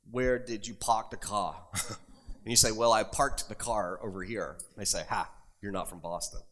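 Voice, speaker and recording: This male pastor, medium in pitch and a bit bright in tone, preaches from the pulpit. Reading passages of scripture aloud, he presses each point harder as his emphasis builds.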